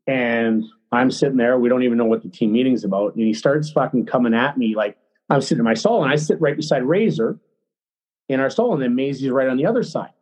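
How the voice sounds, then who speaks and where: Excitable husky man telling a profane story. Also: medium pitch, fast talker, poor audio. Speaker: podcast guest, former hockey player. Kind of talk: casual storytelling.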